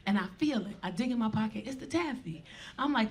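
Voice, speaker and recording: A woman, animated, swinging from hushed asides to loud punchlines. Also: on the high side, fairly quick. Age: 40s. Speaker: stand-up comedian. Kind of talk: stand-up storytelling.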